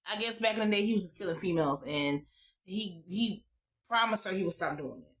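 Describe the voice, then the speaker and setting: Animated, profane woman reviewer. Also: mid-range voice, brisk. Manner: animated, profane, slangy storytelling. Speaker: TV show reviewer. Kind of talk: casual show recap vlog.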